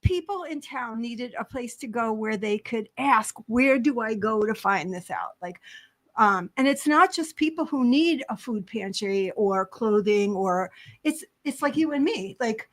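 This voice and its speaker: A woman's voice: on the high side, animated, measured pace. An older retired woman volunteering as a community advocate, chatting eagerly and at length in a talk show interview, often laughing. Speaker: library volunteer advocate guest.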